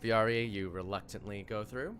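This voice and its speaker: Give me a young male dungeon master, bright and animated, with faint background hiss. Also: fairly low pitch. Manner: animated, laughing, halting with fillers. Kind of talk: narrating a tabletop game.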